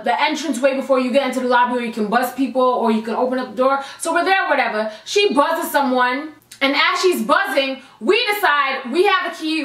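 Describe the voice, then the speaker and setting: A woman's voice: sits high, a bit bright. A young woman telling a storytime vlog to the camera, exasperated and emphatic, with plenty of swearing. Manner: exasperated, profane and emphatic, talking straight to viewers. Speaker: vlogger. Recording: echoey room.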